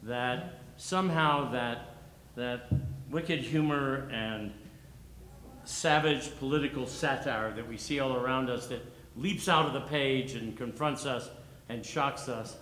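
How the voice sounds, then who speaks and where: A man's voice: mid-range voice, slow, fairly bright tone, a little hiss or hum. A man moderating a gallery panel discussion, with teasing, wry interjections. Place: gallery panel before an audience. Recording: echoey gallery hall.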